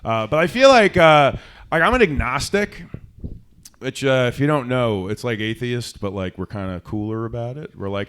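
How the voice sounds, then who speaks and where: A man's voice: medium pitch, expressive, normal speed, clear, resonant tone. Self-deprecating young male stand-up comic. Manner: self-deprecating, rambling, swings from loud to mumbled. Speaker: stand-up comedian. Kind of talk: stand-up comedy set. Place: comedy club stage.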